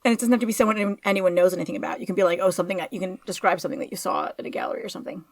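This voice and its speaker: A woman hosting a casual interview, playful and quick to laugh, with jokey asides. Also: fairly low pitch, steady tone, no room sound, studio quality.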